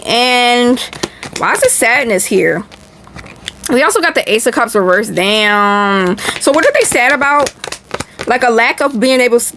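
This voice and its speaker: A woman's voice: on the high side, fairly bright tone, a little hiss or hum. Blunt, profane woman reading tarot. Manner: blunt, profane, chatty, addresses viewers directly. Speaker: tarot reader. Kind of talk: casual tarot reading vlog.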